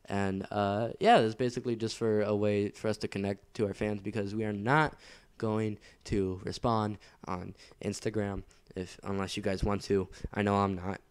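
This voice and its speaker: A man's voice: on the low side, level tone, normal speed, smooth. A man co-hosting a casual podcast, rambling with lots of "like" and casual swearing. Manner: rambling, many fillers and restarts, swears casually. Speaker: podcast co-host. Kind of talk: casual chat.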